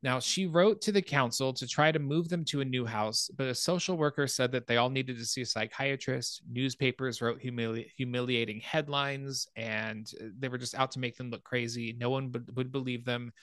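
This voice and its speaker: A man's voice: medium pitch, moderate pace, hardly any pauses, dry recording. Man recapping a film, dry voice. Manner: animated retelling of a plot. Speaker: podcast host.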